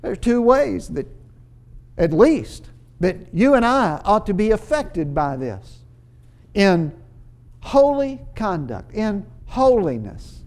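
A man with a high voice delivers a sermon, walking his listeners through scripture in an earnest, explanatory way. He drives points home by repeating phrases, and his delivery has small stumbles and restarts. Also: very animated, takes it slowly, a little mellow. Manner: earnest expository preaching with emphatic repeated phrases. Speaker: preacher.

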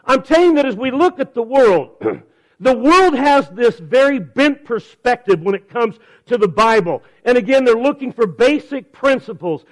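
A middle-aged man preaching a sermon at a church service, emphatic, slowing down to stress key phrases and repeating words as he starts a thought. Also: very high voice, big pitch swings, poor audio. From California.

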